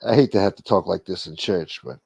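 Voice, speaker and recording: A man hosting a mock church livestream, brash and profane, dropping to a mumble and then bursting out loud. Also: low-pitched, a little fast, vocal fry, breathy edge, no echo. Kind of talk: casual comedic livestream banter.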